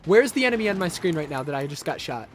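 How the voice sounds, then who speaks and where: A man's voice: fairly high pitch, sing-song, fast. A young man streaming live gameplay, frustrated, swearing and ranting at the game. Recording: game music and gunfire behind. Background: game music and gunfire.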